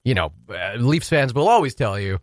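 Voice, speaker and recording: A man's voice: medium pitch, moderate pace, dry recording, studio quality. A man co-hosting a radio show, talking hockey in an easygoing, casual way. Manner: easygoing, lively intonation, drops his voice at phrase ends. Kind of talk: casual sports chat. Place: radio studio. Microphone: studio mic.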